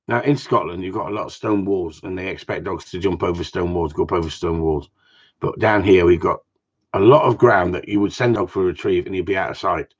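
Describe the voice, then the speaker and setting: A man's voice: low voice, husky. A man from Cornwall, a gundog trainer, giving blunt, jokey advice in a casual live talk. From Cornwall, England. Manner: blunt, jokey, plain-spoken. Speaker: gundog trainer answering viewer questions. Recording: dull lo-fi sound.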